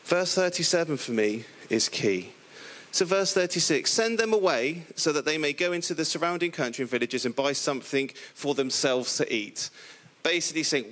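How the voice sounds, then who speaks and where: A middle-aged man from the area delivers a lively sermon in a fairly high voice. He tells the story with playful humour, jumping into different characters' voices. His delivery swings between quiet asides and excited bursts. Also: moderate pace, hardly any pauses. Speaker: preacher.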